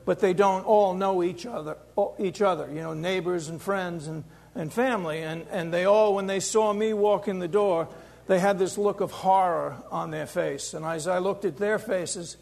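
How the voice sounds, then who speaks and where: Older man telling a halting personal story. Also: high voice, steady tone, creaky, darkish tone, big-room sound. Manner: halting, emotional, many restarts. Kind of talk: personal testimony.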